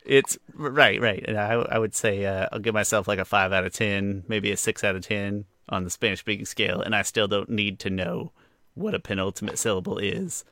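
A man's voice: lowish voice, normal speed, pushed and bright, no echo, studio quality. A man co-hosting a casual podcast, joking and playful as he talks. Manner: jokey, playful, laughs often. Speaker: podcast co-host. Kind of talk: casual chat.

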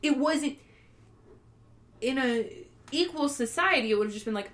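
A woman with a bright, forward voice co-hosts a podcast in casual talk. She works through her thoughts as she speaks, searching for the right words. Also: high-pitched, animated, moderate pace, long pauses. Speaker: podcast co-host. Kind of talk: casual chat.

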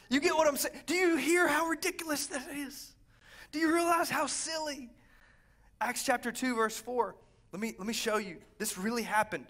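A man preaching a lively, conversational Pentecostal sermon, swinging from quiet asides to fervent shouts. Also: very high voice, normal speed. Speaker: pastor.

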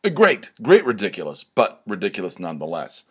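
A man's voice: fairly low pitch, huge pitch swings, a little fast, slightly rough. A man hosting his own podcast, chatting casually in a rambling, profane way with many fillers and restarts. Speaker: podcast host. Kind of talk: casual solo podcast chat.

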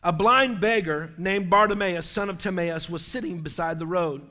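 High, bright-voiced preaching man. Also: moderate pace. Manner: impassioned preaching, rising to shouts. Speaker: pastor. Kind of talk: sermon.

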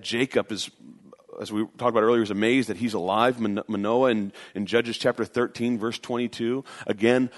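An earnest male pastor delivering a sermon from the pulpit. He talks in an emphatic way, circling back over phrases to drive a point home. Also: medium pitch. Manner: earnest, emphatic preaching with repetitions.

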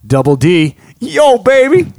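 A man's voice: extremely high pitch, wildly swooping pitch, slow, darkish tone, dry recording, clean studio sound. A man hosting a casual band podcast, playful and tongue-in-cheek. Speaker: podcast host and band member. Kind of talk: casual chat.

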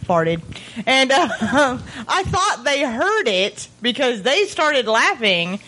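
A woman's voice: high voice, very animated, slow, bright, forceful tone, rough recording. A woman chatting casually among friends, telling a candid, giggly story.

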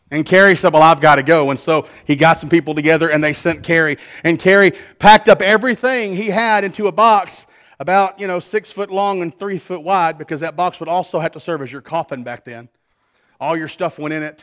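A man preaching a sermon as pastor, earnest, swinging between soft passages and loud ones. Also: fairly high pitch.

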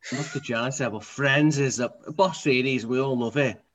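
A man's voice: mid-range voice, moderate pace, a bit bright, slight background noise. A man, drunk and rambling while he co-hosts a podcast. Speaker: podcast co-host. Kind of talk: drunk casual banter.

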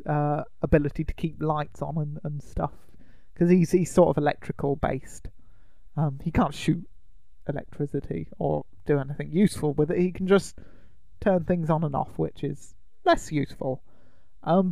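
A man's voice: on the high side, vocal fry, a little mellow, no room sound. A man co-hosting a podcast, recapping a film in casual, rambling chat. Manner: rambling, with many ums and uhs. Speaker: podcast co-host.

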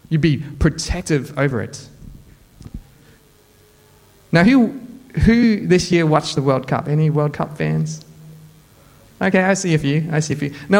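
A pastor preaching a sermon to his church, telling funny personal stories in an animated way. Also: a little high. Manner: animated, humorous storytelling. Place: church in front of a congregation.

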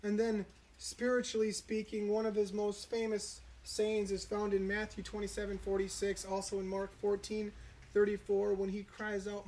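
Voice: mid-range voice, completely flat delivery, darkish tone, slight background noise. Earnest, reflective preacher in a sermon. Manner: earnest, reflective, slows for emphasis. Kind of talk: sermon on the crucifixion, citing scripture.

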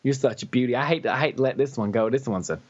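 A creepy, oversized chicken farmer drawls in a slow Southern voice, as a man puts him on while telling a story. His talk is syrupy and sly, on a dull lo-fi podcast recording. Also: mid-range voice, voice pushed down, lightly acted.

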